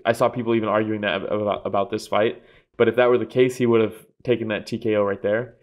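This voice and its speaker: A man co-hosting a casual sports podcast, telling stories in an animated way, laughing often and swearing freely. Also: on the low side, quick pace, muffled recording. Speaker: podcast co-host.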